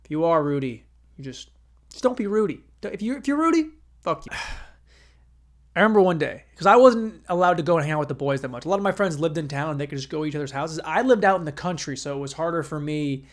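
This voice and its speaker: A young man with a slightly high voice and lively intonation hosts a podcast, talking fast as he tells a rambling, profane story solo. He acts out the quoted voices in this casual storytelling.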